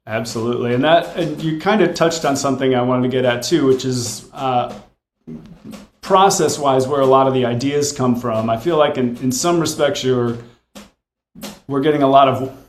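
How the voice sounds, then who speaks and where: Thoughtful, halting male interviewer. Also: mid-range voice. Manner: halting, thoughtful questions with fillers. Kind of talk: radio interview questions. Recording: echoey room, faint noise.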